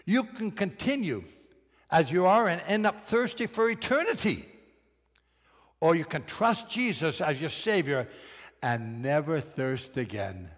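Emphatic preacher with lively high voice. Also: male voice, big-room sound. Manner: emphatic, deliberate preaching with slowed stressed phrases. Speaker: pastor. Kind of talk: sermon.

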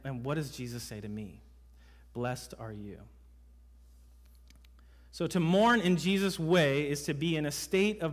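Man, pastor, sermon, emphatic, rhetorical questions, slightly high voice, long church reverb. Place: church sanctuary. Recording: reverberant hall sound.

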